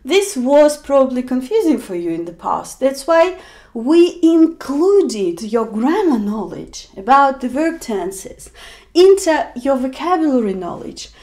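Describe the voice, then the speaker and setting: High, lively woman teaching slowly. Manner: slow and deliberate, acting out example sentences with emphasis. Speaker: English teacher. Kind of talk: explanatory video lesson.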